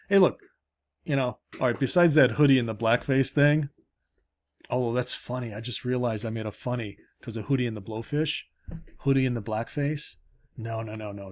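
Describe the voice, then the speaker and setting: Chatty, rambling man teaching from home. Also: medium pitch. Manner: chatty, rambling, wry asides. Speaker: high school AP Government teacher. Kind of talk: casual recorded lesson update. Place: home, upstairs room.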